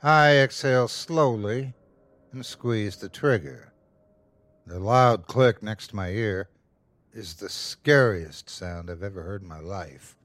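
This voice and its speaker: Slow, tense male horror narrator. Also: fairly low pitch, fairly bright tone, no echo. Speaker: host and narrator. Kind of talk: first-person horror story narration.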